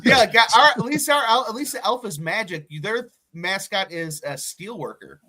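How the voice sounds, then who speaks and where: A man's voice: sits high, animated, moderate pace, sharp tone. A man co-hosting a sports podcast, playful and mocking the rival team's mascot. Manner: playful, mocking, laughs a lot. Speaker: podcast co-host. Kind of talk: casual sports chat.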